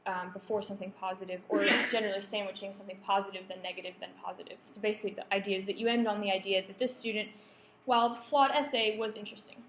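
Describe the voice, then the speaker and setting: A woman's voice: mid-range voice, fairly even intonation, quick pace, hardly any pauses, a bit bright. Woman lecturing in an echoey room. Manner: checks in with the audience, polls the room. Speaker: workshop presenter. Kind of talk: lecture to students. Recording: echoey room, faint background hum.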